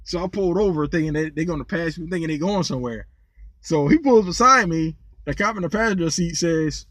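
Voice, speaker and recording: The man's voice sits a little high and moves fairly quickly, with no room sound at all. He's a vlogger who once drove rideshare, casually venting and rambling through stories to camera, often saying words twice. Lively in tone, he sounds incredulous recounting funny moments.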